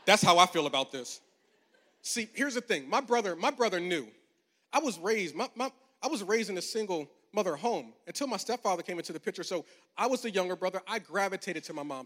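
High-voiced preacher in his forties, echoing hall. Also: sharp tone. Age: 40s. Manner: conversational and humorous, building to emphatic preaching. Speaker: pastor. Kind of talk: storytelling sermon. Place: large church auditorium. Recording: long hall reverb.

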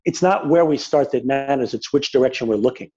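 A man speaking as a spiritual teacher in a reflective conversation, gentle and searching, often restarting his sentences. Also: medium pitch, brisk, breathy edge. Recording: dull lo-fi sound.

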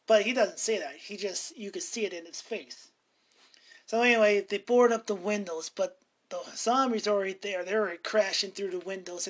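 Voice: medium pitch, fairly bright tone. A speaker casually recapping a horror movie in a rambling way, often correcting themselves mid-sentence. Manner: rambling, frequently self-correcting.

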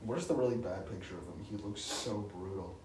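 A young man co-hosting a casual podcast chat, jokey and quick to laugh. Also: lowish voice. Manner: jokey, laughs often, puts on a mock British voice. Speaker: podcast host. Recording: echoey room, mic at a distance, noisy.

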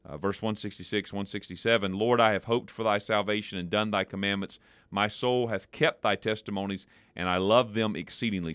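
A man co-hosting a devotional podcast, explaining Bible verses in a conversational, animated way. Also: smooth, no room sound, clean studio sound. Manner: animated, playful, jumps in pitch for emphasis.

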